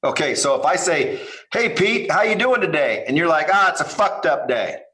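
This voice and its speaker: A fairly high-voiced man with a bright, forceful tone speaks bluntly and swears freely. He tells lively stories in a casual podcast chat. His voice carries a noticeable room echo. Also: moderate pace. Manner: blunt, profane, animated storytelling. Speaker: podcast guest, entrepreneur.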